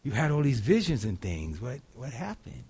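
A middle-aged man preaching a sermon in a casual, folksy way, moving between loud preaching and quiet, hushed storytelling. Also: mid-range voice, sing-song, normal speed, husky. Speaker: pastor.

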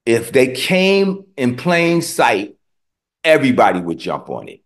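A man's voice: medium pitch, unhurried. A middle-aged man preaching a sermon, telling a story and acting out both sides of a conversation. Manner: animated storytelling, acting out dialogue. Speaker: pastor.

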